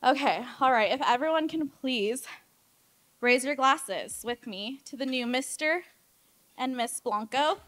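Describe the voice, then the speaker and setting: A young woman speaks as maid of honor at a wedding reception. She talks in a chatty, giggly way and gets emotional as she goes. Her voice sits a bit high for a woman. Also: unhurried, a bit bright. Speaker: maid of honor giving a toast. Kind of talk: wedding toast speech.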